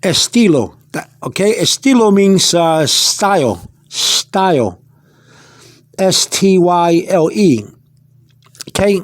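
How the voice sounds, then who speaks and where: A man teaching an informal vocabulary lesson, going slowly over each word, spelling words out letter by letter and wandering into asides. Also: high-pitched, big pitch swings, no echo, studio quality. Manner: meandering, with many restarts and fillers. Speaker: Spanish teacher.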